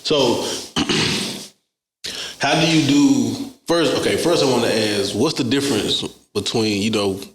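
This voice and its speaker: A man's voice: medium pitch, a little slow, a little hiss or hum. A man hosting a casual interview, laid-back, with frequent short affirmations. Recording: echoey room.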